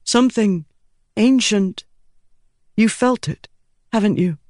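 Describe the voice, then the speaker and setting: An odd young knight in armor, as a male narrator puts him on in an audiobook. He speaks in a hushed, wondering voice set higher than the narrator's own. The sound is close and dry. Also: takes it slowly, no room sound. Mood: awed.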